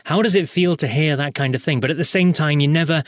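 A man's voice: on the high side, fast, no echo, clean studio sound. A man hosting an interview, asking long, enthusiastic run-on questions. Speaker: interviewer host.

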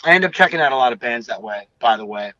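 A man's voice: mid-range voice, lively intonation, quick pace, sharp tone, no room sound, muffled recording. Laid-back guy, swearing freely. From United States. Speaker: guest bassist. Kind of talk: casual interview chat.

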